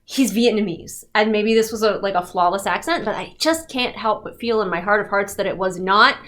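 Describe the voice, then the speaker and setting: A woman's voice: medium pitch, brisk, a bit bright. A woman giving a casual, sarcastic and exasperated book review rant.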